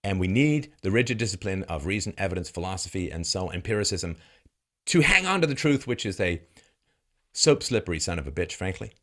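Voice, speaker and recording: A commentary host delivers a political monologue in a low, sing-song voice, fairly quick and fairly bright in tone. He's mocking and sarcastic, firing off heated rhetorical questions.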